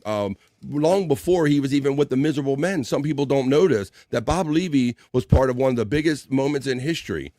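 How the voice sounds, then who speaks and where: A man's voice: mid-range voice, a little mellow, no room sound, clean studio sound. A man hosting a casual live stream show, rambling and laughing easily as he introduces clips. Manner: rambling, hums while searching, laughs easily.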